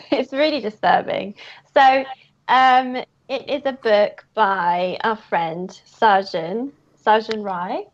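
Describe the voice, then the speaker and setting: A woman's voice: medium pitch, takes it slowly. A woman, a guest comic creator, telling casual anecdotes with frequent giggles. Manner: giggly, lively storyteller. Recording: muffled lo-fi audio.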